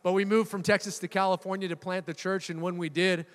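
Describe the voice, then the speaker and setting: High-voiced pastor preaching in a reverberant hall. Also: male voice, quick pace. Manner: lively storytelling with laughs and bursts of emphasis. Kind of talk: sermon.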